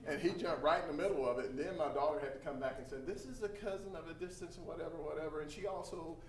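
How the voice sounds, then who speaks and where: A middle-aged man from Texas, a trainer giving a lively storytelling talk to a group. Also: fairly high pitch, fast. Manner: animated storyteller, acts out quoted voices. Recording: echoey room from a distance, faint hum.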